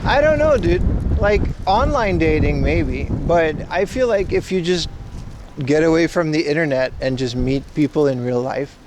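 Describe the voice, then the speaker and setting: A man's voice: fairly high pitch, normal speed, noisy background. A man in his thirties from Boston, chatting loosely with his livestream viewers in a rambling, jokey way. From Boston, USA. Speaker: IRL livestreamer. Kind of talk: casual chat with stream viewers. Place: outdoors in Japan.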